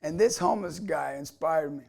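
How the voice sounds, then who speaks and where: A middle-aged man giving an emphatic, energetic motivational talk to camera and telling stories. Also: a little high, moderate pace, gravelly. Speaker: motivational speaker.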